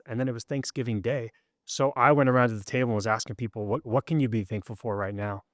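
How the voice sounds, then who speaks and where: Earnest, low-voiced man telling his story. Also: dry recording, studio quality. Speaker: guest. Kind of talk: casual interview storytelling.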